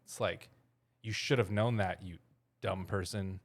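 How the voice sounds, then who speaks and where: Man, lowish voice, sarcastic, dry humor, casual podcast chat. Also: unhurried. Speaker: podcast co-host.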